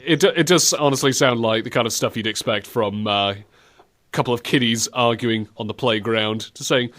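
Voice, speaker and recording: A man's voice: medium pitch, normal speed. A man co-hosting a comedy show about video games, chatting casually and joking about bad voice acting. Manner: animated, jokey, does silly voices. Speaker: co-host reviewing game clips.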